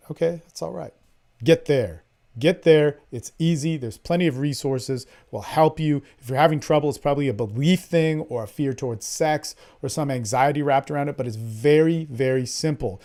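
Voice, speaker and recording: A man hosting a podcast, coaching listeners on dating in a blunt, profane way, swinging between loud emphasis and low murmurs. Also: normal speed. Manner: animated, acts out his own lines in a hushed voice. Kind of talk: casual coaching talk.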